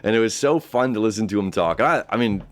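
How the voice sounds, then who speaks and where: A man's voice: lowish voice, lively intonation, quick pace. A man, hosting a casual astrology talk, rambling and repeating himself, and often laughing. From United States. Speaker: astrology host. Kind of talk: casual spoken horoscope talk. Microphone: camera setup.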